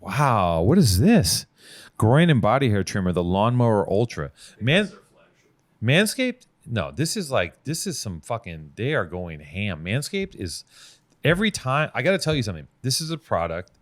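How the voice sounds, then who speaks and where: In a lowish, sing-song voice at normal speed, a man hosting a podcast riffs through an ad read with brash, profane jokes. The recording has no echo.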